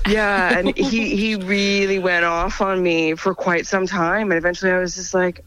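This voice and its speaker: A young woman from Atlantic Canada with a softened accent, telling stories in a casual chat as a guest. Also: medium pitch, normal speed, clear, resonant tone, rough recording. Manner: chatty storyteller, animated quoting. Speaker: actor and guest.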